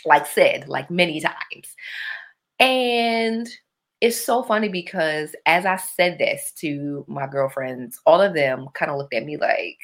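A woman's voice: low-pitched, takes it slowly. A woman, talking through her year in a casual monologue, full of playful put-on voices and asides to her listeners.

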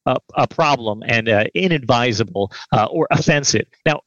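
A man co-hosts a political talk show, answering in a dry, deadpan way. His sound is a little muffled and dull, as if on a lo-fi line, with no room echo at all. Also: mid-range voice, normal speed. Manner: dry, deadpan sarcasm and lecturing asides. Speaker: radio co-host. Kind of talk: political debate banter.

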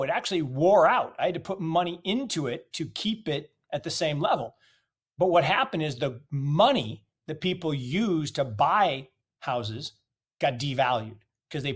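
A guest commentator with a somewhat high, breathy-edged voice weighs in on the markets with strong opinions. He drives his case home with rapid rhetorical questions and blunt statements.

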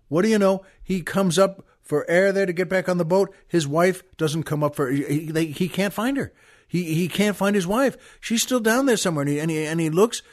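High-pitched male podcast host, rambling, stammering joke-teller. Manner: rambling, with frequent restarts and stammers. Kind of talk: casual chat and joke telling.

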